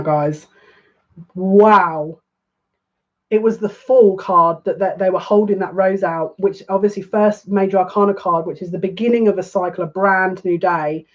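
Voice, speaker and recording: A woman's voice: fairly low pitch, fairly even intonation, a little slow. A woman doing a live tarot reading, chatting with emotional asides and reading aloud from a card book. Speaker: psychic card reader. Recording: dull lo-fi recording.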